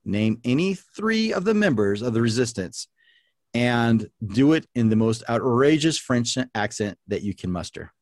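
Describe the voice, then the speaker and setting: A man's voice: mid-range voice, sing-song, moderate pace, dry recording. A man hosting a podcast trivia game, reading questions and scoring answers playfully. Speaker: quiz host.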